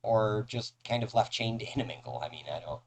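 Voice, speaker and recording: A man's voice: lowish voice, expressive, fairly quick, slight background noise, poor audio. A man narrating as game master of a tabletop game, casual and hesitant with many fillers.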